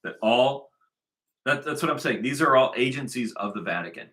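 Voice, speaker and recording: A man's voice: medium pitch, moderate pace, sharp tone. A man hosting a commentary show, ranting angrily and profanely, often repeating himself as he talks over played clips. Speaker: commentary host.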